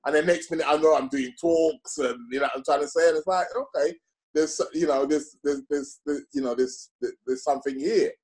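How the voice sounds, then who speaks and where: A man's voice: a little high, fairly quick. Guy in a chill interview, middle-aged, keeps doing the other people's voices in his stories, slangy. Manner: animated, acts out other people's lines with slang-heavy talk. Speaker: interview guest. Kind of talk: casual storytelling chat.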